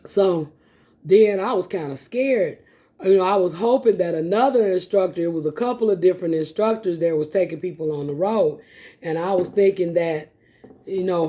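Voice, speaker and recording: A woman vlogger, casually telling viewers a personal story, animated and laughing often. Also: on the low side, moderate pace. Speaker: mukbang vlogger. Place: home, eating on camera.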